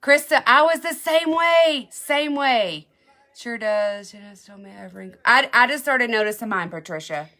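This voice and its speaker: A woman's voice: fairly high pitch, lively intonation, moderate pace, pushed and bright. A woman selling beauty products in a live makeup demo, chatty and gushing, answering viewer comments as she goes.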